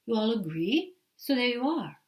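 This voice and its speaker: A woman channeling a patient, genderless spirit that speaks as "we" and explains its ideas in a calm, unhurried way. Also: a little high, recorded from a distance. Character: gentle collective spirit, genderless, patient teacher. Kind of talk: trance channeling talk.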